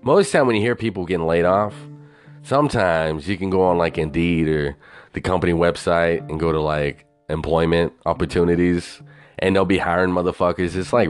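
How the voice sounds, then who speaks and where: A man's voice: deep voice, moderate pace, soft background music. A man ranting in a casual, profane way, incredulous and swearing constantly.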